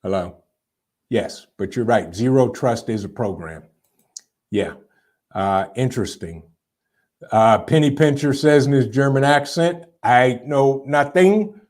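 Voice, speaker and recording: A man's voice: mid-range voice, measured pace, long pauses, a little mellow. A man hosting a casual live stream, chatting loosely and answering viewer comments with frequent fillers. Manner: rambling, conversational, frequent fillers and repeats. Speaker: livestream host.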